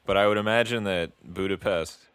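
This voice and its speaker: A man's voice: deep voice, fairly quick, fairly bright tone, clear, resonant tone, no echo. A man from the US Midwest co-hosting a casual comedy podcast, rambling playfully and laughing often. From Illinois, US Midwest. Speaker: podcast co-host.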